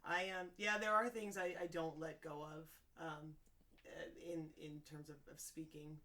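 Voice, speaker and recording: A woman's voice: low voice, fairly even intonation, unhurried, sharp tone. Chatty woman with a South Jersey accent. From South Jersey, United States. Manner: laughs often, nervous and chatty. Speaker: voice actor guest. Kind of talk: casual interview chat.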